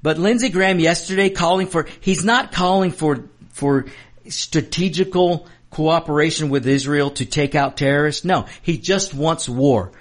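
A man's voice: a little high, normal speed. Fired-up man ranting on political commentary. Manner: fervent, repetitive, addresses the audience directly.

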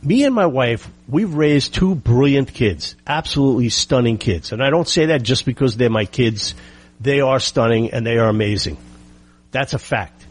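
A man's voice: mid-range voice, lively intonation, normal speed, breathy edge. A middle-aged man from the United States delivering an indignant opinion monologue, full of rhetorical questions and emphatic repetition. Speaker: political commentator.

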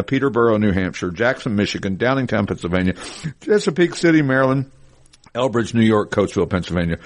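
A middle-aged man hosting a casual podcast, chatty and quick to laugh as he rattles off sales figures. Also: on the low side. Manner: chatty, laughs easily, reels off numbers. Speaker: podcast host, car dealership spokesman.

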